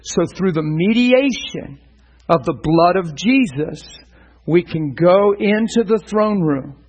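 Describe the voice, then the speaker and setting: Brief: middle-aged male preacher, husky, fairly high voice, earnest and animated. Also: slow, muffled recording. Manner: earnest, animated, with stumbles and repeated words. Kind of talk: sermon-style teaching.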